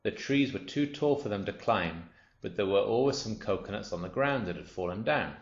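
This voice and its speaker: A man narrating a children's story aloud in a steady, expressive reading voice. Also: fairly low pitch, normal speed. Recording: roomy, dull lo-fi.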